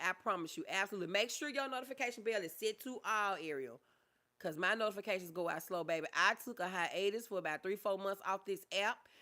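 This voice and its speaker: A woman's voice: on the high side, bright, forceful tone. A woman, a therapist hosting a casual livestream, reading viewer comments aloud and calling them baby. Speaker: livestream host, mental health therapist.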